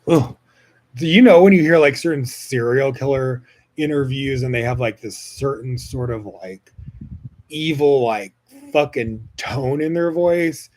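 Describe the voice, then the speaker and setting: A man's voice: medium pitch, a little mellow. A man hosting a solo podcast, talking in a casual, rambling way with lots of fillers and swearing. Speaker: podcast host.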